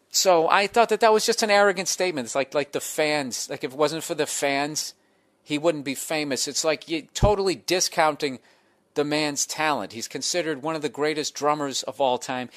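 A man's voice: a little high, bright, forceful tone. Rambling, foul-mouthed man hosting a podcast. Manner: rambling, heavily profane, jumps between tangents; acts out crowd members and himself in quick voices. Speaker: podcast host. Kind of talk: casual solo podcast monologue.

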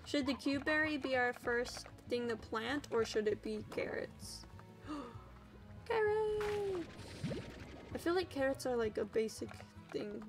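A woman streams a game with casual commentary, squealing and cooing at the creatures on screen as game music plays behind her. Her voice is a little high and steady, and she speaks a little slowly.

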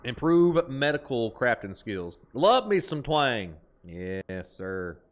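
Lively twangy man streaming a game. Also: mid-range voice, slow pace, a little hiss or hum. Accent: Appalachian. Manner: chatty, reads chat aloud, laughs easily. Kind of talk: casual live-stream gameplay chat.

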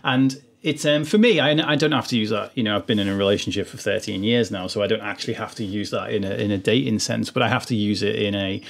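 A man's voice: fairly low pitch, quick pace, vocal fry, few pauses. A man hosting an interview podcast, talking conversationally and joking, often restarting his sentences. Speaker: podcast host.

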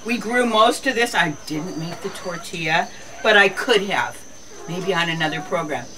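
A woman's voice: fairly low pitch, lively intonation, normal speed, heavy background noise. A woman hosting a casual cooking and garden show outdoors, chatty and folksy, chatting to her animals as she goes. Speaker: host of a lifestyle show.

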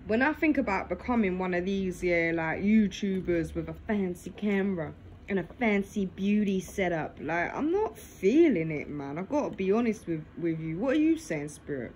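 A woman chats casually to camera while eating dinner, filming on a phone in her lap in her living room and tagging nearly every phrase with "yeah?". Her low, darkish voice is animated and moderately paced, on a rough recording with a little hiss or hum.

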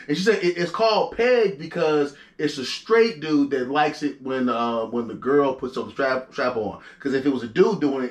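A young man hosting a podcast, telling stories animatedly with lots of profanity and stammered restarts. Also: a little high. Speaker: podcast host. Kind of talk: casual chat. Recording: echoey room.

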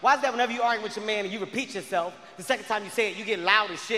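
A man doing stand-up comedy on stage, telling a story loudly and shouting the punchlines. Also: high voice, fairly even intonation, rapid-fire, few pauses, crowd noise, background noise. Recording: echoey live hall recording.

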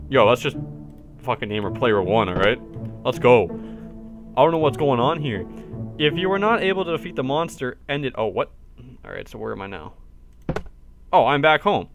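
A man giving casual let's-play commentary, excitable, cursing often and yelping in surprise. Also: medium pitch, normal speed, long pauses, highs cut off, faint music behind. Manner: excitable, swears often, yelps and shouts in surprise. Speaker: gaming video host.

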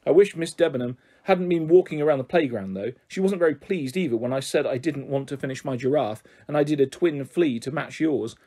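A man reading a children's novel aloud in a lively, expressive storytelling manner. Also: a little high, brisk, few pauses. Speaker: audiobook reader.

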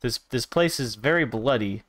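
A man streaming a virtual world game, reacting out loud in casual commentary with laughs and exclamations. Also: animated, normal speed, dry recording. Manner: laughing, exclaiming, sudden high squeals. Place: at home at a desk.

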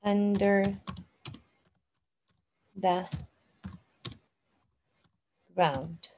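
A woman teaching an English lesson, speaking slowly and repeating words for learners. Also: medium pitch, a little mellow, a little hiss or hum. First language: Arabic. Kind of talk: online classroom lesson.

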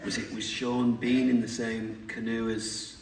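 A man's voice: medium pitch, flat delivery, unhurried. A man chatting as a panel guest, telling stories and laughing often. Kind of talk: casual panel chat. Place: large convention hall. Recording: echoey hall, distant mic, noise.

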